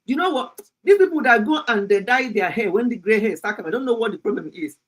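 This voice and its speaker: A Nigerian woman in her sixties with a Nigerian English accent, hosting a health livestream and telling a story in an animated, chatty way, laughing often and slipping into pidgin. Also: a little high, fast talker, rough recording. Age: 60s. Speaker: health channel host. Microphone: streaming setup.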